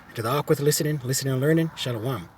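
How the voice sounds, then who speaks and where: A man's voice: medium pitch, racing, slight background noise. A man teaching scripture in a sermon style, emphatic and repetitive, often asking "right?" between phrases. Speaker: teacher of a religious camp.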